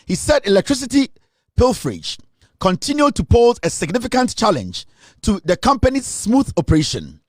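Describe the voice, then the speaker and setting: A man's voice: high-pitched, no room sound, studio quality. A man with a Ghanaian accent giving sarcastic live political commentary, laughing often and stumbling as he reads news aloud.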